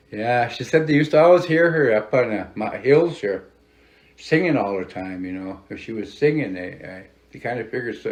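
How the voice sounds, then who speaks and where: An elderly man from Montana speaks in a low, gravelly voice. He tells a story in an interview at an easy, meandering pace, dropping fillers as he goes. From Fort Belknap, Montana, United States. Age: older. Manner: unhurried, rambling, many "you know" fillers. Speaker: tribal elder.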